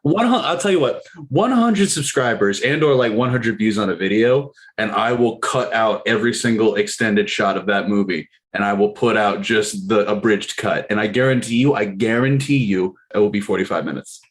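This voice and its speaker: A man's voice: on the low side, moderate pace, hardly any pauses. A man co-hosting a podcast, chatting casually about a film and throwing in teasing, dry wisecracks. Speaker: podcast co-host. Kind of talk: casual movie-review chat.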